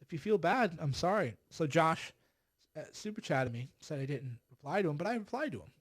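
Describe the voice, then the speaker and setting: Sarcastic man with a high voice. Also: lively intonation, fairly quick, husky. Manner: sarcastic, mocking, exasperated, with frequent sighs. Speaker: livestream host. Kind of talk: political commentary livestream.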